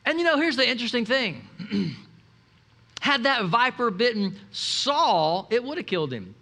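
A man with a high, bright voice preaches to his congregation. He talks in an animated way, breaks into asides and acts out little quotes. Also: measured pace. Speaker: pastor. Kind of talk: sermon.

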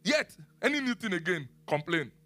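A man preaching a sermon and teaching the Bible, animated, asking his listeners questions and laughing often. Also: high-pitched, moderate pace.

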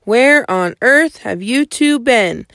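Woman doing a protective mother, firm, calming, measured, gravelly, storybook. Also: mid-range voice, no room sound, clean studio sound, close to an everyday voice. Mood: concerned. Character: steady, protective grown mother.

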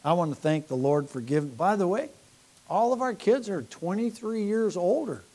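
An older man, a pastor, telling church-planting stories in a folksy, animated sermon with laughs and asides. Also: high-pitched, normal speed. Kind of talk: sermon storytelling.

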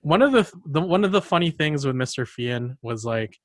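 A man's voice: fairly high pitch, expressive, moderate pace, dry recording, clean studio sound. A young man hosting a casual podcast chat, telling rambling stories full of fillers and laughs. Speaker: podcast host.

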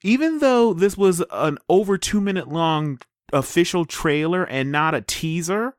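A man co-hosting a movie trailer podcast, talking in a rambling, animated way and laughing often. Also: on the high side, a little slow, no echo, studio quality. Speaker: podcast co-host reviewing trailers. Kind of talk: casual chat.

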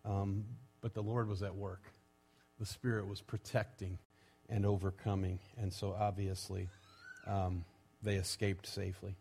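A man preaching a sermon as pastor, conversational and unhurried, pausing often with fillers. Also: low voice, little pitch movement, gravelly, mellow, slight background noise.

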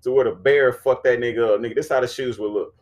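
A man co-hosting a casual sneaker podcast, loud and profane, breaking into shouted laughing bursts, with speech. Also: mid-range voice, fairly even intonation, fast. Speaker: podcast co-host. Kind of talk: casual chat.

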